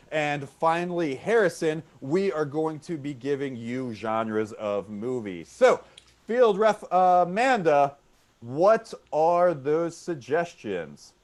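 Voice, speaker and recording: A man runs an improv comedy game over a video call. His voice sits a bit high and swings widely in pitch. He is upbeat and repeats each suggestion back to the players. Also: darkish tone. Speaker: referee and host of an improv show. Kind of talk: online comedy game hosting.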